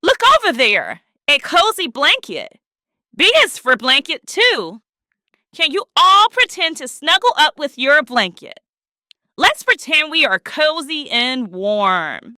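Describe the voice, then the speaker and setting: A woman's voice: sits high, big pitch swings, slow pace, bright, forceful tone, no echo, studio quality. A woman hosting a children's lesson, coaxing young viewers to join in with a sing-song delivery. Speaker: children's show host.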